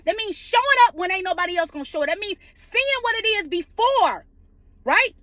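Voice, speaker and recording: A woman's voice: extremely high pitch, expressive, fairly quick, pushed and bright, dry recording. A woman ranting passionately in her car, swearing freely and firing off rhetorical questions. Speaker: vlogger ranting on legal news. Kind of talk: impassioned rant.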